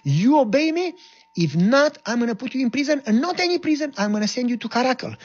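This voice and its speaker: Bullying army captain, pitched high and yelling as a man acts him out. Lo-fi recording. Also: expressive, brisk, gravelly, husky, heavily acted. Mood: threatening. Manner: shouting threats, barking orders.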